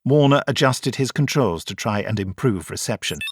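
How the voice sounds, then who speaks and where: A man reading a science fiction audiobook in a measured, even storytelling voice. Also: mid-range voice, slightly rough, no room sound, studio quality. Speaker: audiobook narrator. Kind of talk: scripted audiobook narration.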